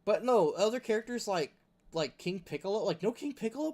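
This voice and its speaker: A man's voice: sits high, expressive, fairly quick, darkish tone. A man hosting a gaming video, talking in a rambling, casual rant full of filler words. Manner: rambling, chuckling, heavy use of filler words.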